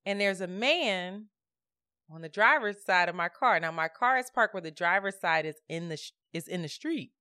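A woman co-hosting a podcast, telling a story in a casual, expressive way and acting out the dialogue. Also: lowish voice, moderate pace, clean tone, no echo, studio quality. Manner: expressive, laughing, acts out dialogue. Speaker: podcast co-host. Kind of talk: casual chat, animated storytelling.

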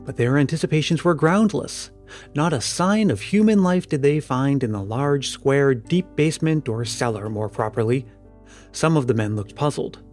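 A man narrating an audiobook in a steady, measured storytelling manner. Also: medium pitch, soft background music. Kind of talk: scripted narration.

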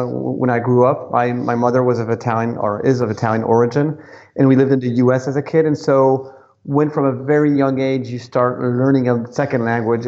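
A man with a French accent answers interview questions in a friendly, thoughtful way, often pausing to find words. His pitch is ordinary. The sound is a little dull and lo-fi, as if over a remote line. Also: a little mellow. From France, Paris suburbs. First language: English and French. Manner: thoughtful, friendly, many ums. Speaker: guest, company CEO. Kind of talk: casual podcast interview.

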